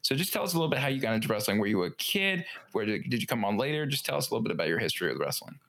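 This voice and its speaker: Male podcast co-host, rapid delivery, friendly and casual questioning. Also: mid-range voice, big pitch swings, fairly bright tone.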